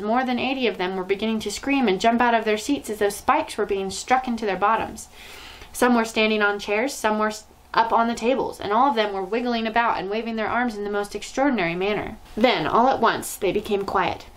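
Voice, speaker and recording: A woman storyteller reading a children's novel aloud in an expressive, lively way. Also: medium pitch, quick pace, few pauses, low-quality recording.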